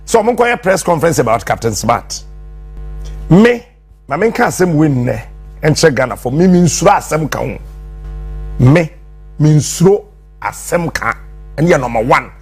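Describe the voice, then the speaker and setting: A man making a defiant, forceful speech in a played clip, repeating himself and mixing languages. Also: a little high, big pitch swings, unhurried, pauses often, slightly rough, soft background music.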